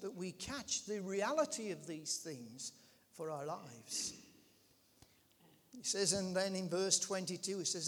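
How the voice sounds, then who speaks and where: Slow, high-voiced preacher in a reverberant hall. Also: male voice, lively intonation. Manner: emphatic preaching with call-outs to the congregation. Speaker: pastor. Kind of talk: sermon. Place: church with a gathered congregation.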